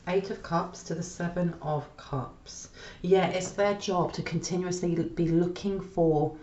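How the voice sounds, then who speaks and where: A woman's voice: lowish voice, steady tone, unhurried, mellow. A woman giving a tarot reading aloud, exclaiming and repeating questions as she turns cards. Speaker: tarot reader. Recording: dull, echoey room with faint noise.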